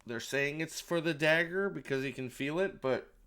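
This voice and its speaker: A man's voice: fairly high pitch, normal speed, fairly bright tone, clear, resonant tone. A man giving casual, sarcastic commentary while watching a show, mocking scenes and swearing freely. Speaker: show reviewer. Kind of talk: casual commentary over playback.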